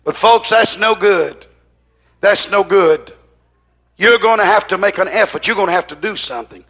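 This is a man preaching in church, his voice high and bright. He hammers phrases over and over in a fiery rhythm, surging loud and then dropping low. He sometimes moves away from the microphone, so his voice sounds distant. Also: moderate pace. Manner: rhythmic, repetitive, rising and falling in intensity. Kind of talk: fiery sermon.

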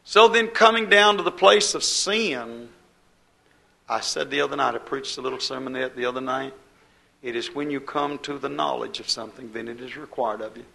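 Gravelly-voiced preaching man. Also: mid-range voice, normal speed, pushed and bright, poor audio. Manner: preaching with swelling emphasis and quoted scripture. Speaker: pastor. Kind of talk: fiery sermon.

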